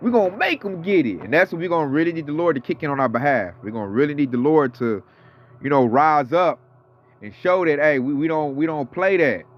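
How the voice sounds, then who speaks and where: A man's voice: a little high, animated, a little fast. A man in his thirties or forties giving a casual, fired-up sermon, slangy and profane. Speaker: preacher. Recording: dull lo-fi audio with faint music.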